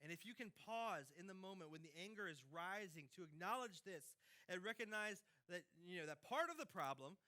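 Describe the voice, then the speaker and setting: A man preaching a sermon as pastor, repeating phrases with sudden loud peaks and quiet drops. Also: high voice, lively intonation, a little fast.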